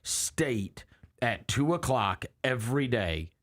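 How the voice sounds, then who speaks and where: A man's voice: mid-range voice, slow pace. A man in sports radio, chatting in studio and laughing his way through a story. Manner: laughs through his stories, quotes others flatly. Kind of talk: casual studio chat.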